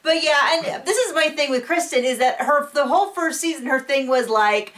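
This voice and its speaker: Woman, casual recap chat, rambling, acts out quotes, high-ish voice, distant mic. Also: a little slow, a bit bright. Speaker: recap vlogger.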